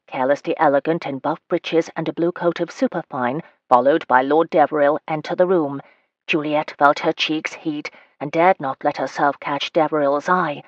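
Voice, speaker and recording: Low-voiced woman narrating a romance. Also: moderate pace, no echo, lo-fi sound. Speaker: audiobook narrator. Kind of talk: scripted narration of a romance novel.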